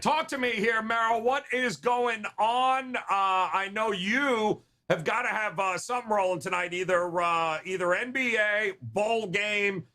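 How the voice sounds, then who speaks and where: A man hosting a sports betting show in a casual, joking way. His voice sits high for a man and has a bright edge. He talks with many "uh" fillers. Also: measured pace, hardly any pauses. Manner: upbeat and joking, frequent "uh" fillers.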